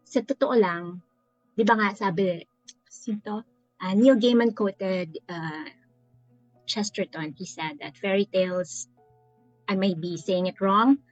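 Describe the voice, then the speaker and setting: A woman's voice: mid-range voice, no room sound, poor audio. A woman from the Philippines with a Filipino accent, reacting as a guest in an emotional, candid way and switching languages mid-sentence. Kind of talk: casual spoken reflection.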